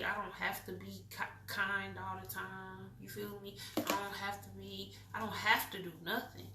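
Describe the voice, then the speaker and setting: A woman's voice: mid-range voice, pushed and bright. A woman doing a casual spiritual card-reading chat, loose and profane, talking to herself. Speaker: intuitive card reader. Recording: roomy echo, distant from mic, faint noise.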